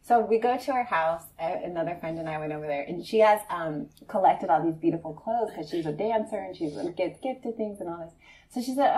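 A woman meditation teacher giving a conversational dharma talk to a live group, laughing often and checking in with her listeners. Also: fairly quick. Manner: conversational, laughing often, frequent "right?" to the audience; animated storytelling, voicing friends in a high excited tone.

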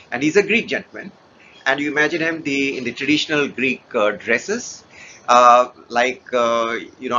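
A man teaching a memory technique, explaining slowly and stopping often with filler sounds. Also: medium pitch, sharp tone. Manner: hesitant, many pauses and filler sounds. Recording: dull lo-fi sound with faint hiss.

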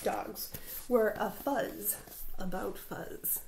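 A woman teacher reading a picture book aloud to her school, expressive, with dramatic sound words. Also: medium pitch, very slow, gravelly, very noisy.

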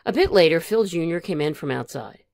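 Animated woman reading a storybook aloud. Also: fairly low pitch, fairly quick, no room sound. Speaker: storybook reader. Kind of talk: children's read-aloud narration.

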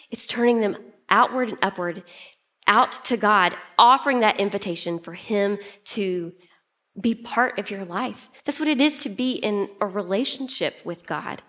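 A woman pastor preaching a sermon in an animated way, often shifting pace and pitch.

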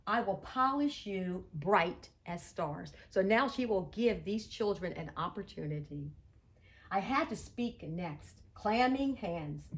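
A woman reading a children's picture book aloud at a storytime, slow and expressive. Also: mid-range voice. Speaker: storytime reader.

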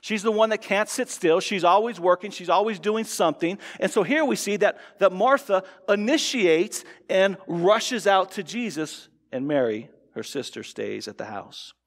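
Preaching in a church sanctuary, this pastor's voice sits high and sounds animated, moving at normal speed with few pauses. He speaks conversationally, frequently restarting and acting out quotes, and the recording carries long hall reverb.

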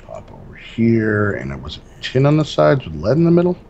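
A man co-hosting a casual Minecraft let's-play, relaxed and narrating each step as he builds. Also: mid-range voice, fairly quick, vocal fry, dull audio, slight background noise. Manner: relaxed, narrates his own building steps. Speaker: gaming channel co-host.

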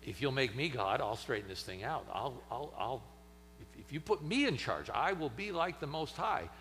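A man voicing Lucifer as a proud, scheming fallen angel who speaks in a low, hushed, stammering, persuasive way, in a sermon. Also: lively intonation, normal speed, in a large hall, slight background noise.

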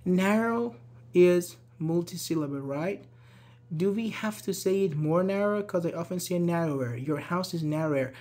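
A man's voice: high voice, moderate pace, darkish tone. A man teaching a live online English grammar class. He is patient and encouraging, praises answers and often checks with "okay?".

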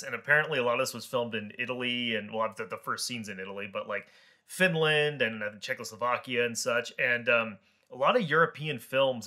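A man co-hosting a podcast in casual chat, explaining in a relaxed, offhand way. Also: mid-range voice. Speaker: podcast co-host.

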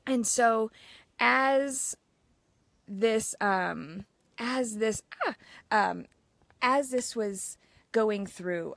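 A woman's voice: on the high side, dry recording. A woman in her thirties, a mothers' mentor, telling personal stories in a casual live chat, earnest and open. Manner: earnest, open, tells personal stories with quoted inner voices.

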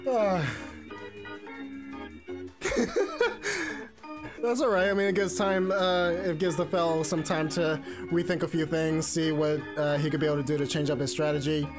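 A man giving casual, excitable play-by-play commentary on a game tournament from his home stream. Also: on the high side, fairly quick, hardly any pauses, music in the background. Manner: excitable, casual gamer slang. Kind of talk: live esports play-by-play commentary.

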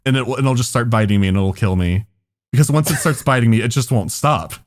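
A man's voice: medium pitch, fast talker. A man hosting a podcast, telling a story in casual chat, laughing often and swearing freely. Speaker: podcast host.

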